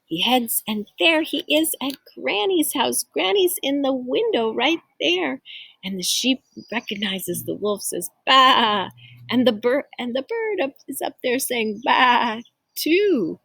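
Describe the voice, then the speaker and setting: A woman reading a picture book aloud to children, expressive, stopping to explain words and ask the listeners questions. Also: high voice, unhurried, gravelly, breathy edge, no room sound. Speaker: storyteller.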